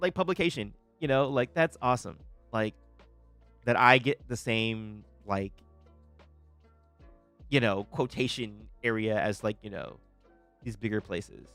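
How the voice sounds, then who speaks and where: A young man hosting a live stream, reacting to a trailer with excited, stammering restarts and frequent laughter, greeting viewers in chat. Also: medium pitch, no echo. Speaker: livestream host reacting to a trailer.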